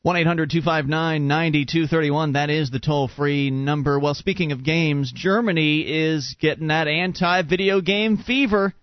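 A man's voice: on the high side, moderate pace, few pauses, no room sound. A man hosting a call-in talk radio show, with wry, joking asides. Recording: dull, muffled radio broadcast.

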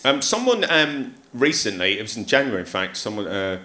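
Animated man telling comic stories in a theatre. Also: lowish voice, a little fast. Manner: animated, acts out voices, laughs often. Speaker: comedian guest. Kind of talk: comic storytelling. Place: theatre stage before a live audience. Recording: echoey live theatre.

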